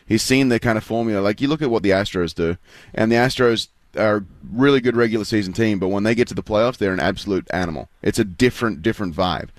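Fast-talking Australian man, dry close sound. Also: on the low side, no echo. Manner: easygoing, chatty, many fillers and restarts. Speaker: guest, pro baseball pitcher. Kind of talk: casual radio interview. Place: live broadcast at a spring training ballpark.

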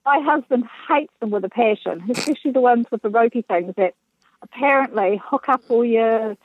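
Brief: New female caller, fairly high voice, playful storyteller, muffled phone-line sound. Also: moderate pace. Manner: lively, self-mocking storytelling. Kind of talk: casual on-air anecdote.

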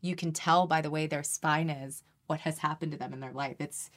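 A woman's voice: low voice, steady tone, normal speed. A woman guest on a podcast, talking earnestly and animatedly about energy healing, often restarting her sentences. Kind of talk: conversational interview.

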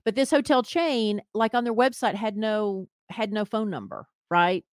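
An animated woman co-hosting a podcast tells a story in casual conversation, acting out the voices she quotes. Her pitch is medium and her speed normal, captured in studio quality with no echo.

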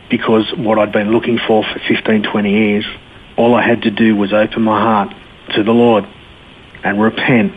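A man's voice: lowish voice, slightly rough. Man on a tinny phone line. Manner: candid, blokey storytelling with frequent restarts. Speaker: guest telling his life story. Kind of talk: personal testimony in a radio interview.

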